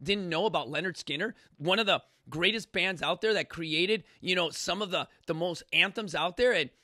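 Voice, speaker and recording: A man's voice: high voice, normal speed, sharp tone. A man hosting a talk show, ranting in an impassioned, profane way with many restarts. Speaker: podcast host.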